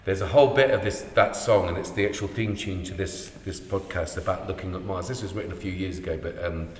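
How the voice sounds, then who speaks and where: A man's voice: deep voice, quick pace, a little mellow. A man hosting a podcast, talking in a rambling, enthusiastic way with plenty of restarts. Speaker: podcast host. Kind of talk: casual chat. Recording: echoey room with faint noise.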